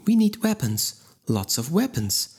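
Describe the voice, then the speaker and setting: A man's voice: a little high, big pitch swings, unhurried, darkish tone, husky, pitched above the performer's own voice, full character voice. A man voicing a blunt ruthless woman fighter. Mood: cold. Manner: blunt and commanding.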